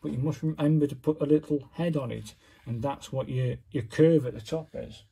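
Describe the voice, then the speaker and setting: A man's voice: medium pitch, fairly even intonation, moderate pace, gravelly, dark tone, slightly rough. A man casually demonstrating his work step by step, chatty and self-critical as he narrates each move. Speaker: calligraphy hobbyist demonstrating.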